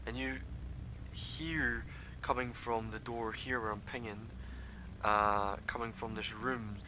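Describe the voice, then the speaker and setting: A man's voice: fairly even intonation, takes it slowly. A man narrating an online tabletop game as game master, casual and full of fillers. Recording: noisy low-quality stream recording.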